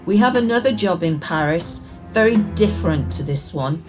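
A woman reading the part of a cold, precise adult male killer in an audiobook, quiet and clipped. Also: fairly low pitch, expressive, moderate pace, music in the background, natural voice. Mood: menacing. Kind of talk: audiobook dialogue.

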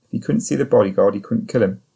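A man reading a thriller audiobook in first person, at a steady, measured pace. His voice is low and gravelly, with a dark, slightly husky tone. The delivery stays even and controlled. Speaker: audiobook narrator. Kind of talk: scripted first-person narration.

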